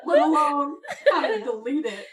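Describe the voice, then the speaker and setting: A woman with a high voice co-hosts a casual chat and laughs through her words. Crowd noise can be heard clearly behind her. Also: normal speed. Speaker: co-host.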